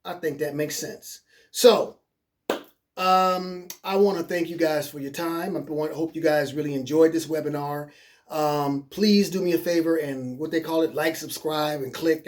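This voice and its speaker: Leading a coaching webinar, a male life coach talks in a slightly high, slightly mellow voice. He stays casual, encouraging and plain-spoken, restating things and checking in with "okay?" again and again.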